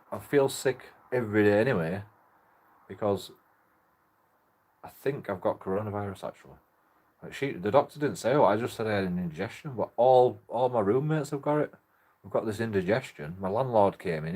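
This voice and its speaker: Giggly low-voiced man. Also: darkish tone, slight background noise. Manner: giggly, laughs through his words. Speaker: auditor vlogger. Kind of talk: rambling casual monologue.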